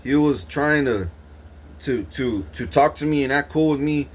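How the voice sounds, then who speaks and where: A man's voice: medium pitch, measured pace, slightly rough. Rambling, profane man. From Corpus Christi, Texas. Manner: rambling, profane street talk with frequent restarts. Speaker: vlogger. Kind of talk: casual monologue recounting a dream.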